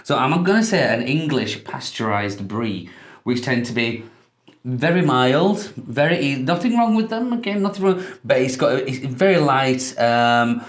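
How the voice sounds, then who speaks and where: A Yorkshire man co-hosting a wine show, chatty and a little hesitant, his laughs coming easily. His voice sits at an ordinary middle pitch. It carries a roomy echo around it. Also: animated, a little slow. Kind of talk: casual wine tasting chat.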